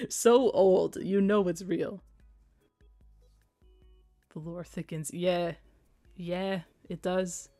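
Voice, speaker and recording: A woman's voice: on the low side, fairly even intonation, very slow, long pauses, warm tone, soft background music. A young American woman chatting casually on a live stream, giggling often and repeating phrases for emphasis. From United States.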